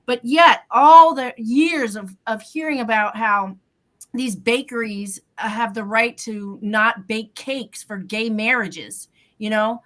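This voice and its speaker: A woman with a bright, sharp voice argues her point on a talk panel. She speaks in a measured way and often pauses on fillers. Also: on the high side. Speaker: co-host of a local talk show. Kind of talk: opinionated panel discussion.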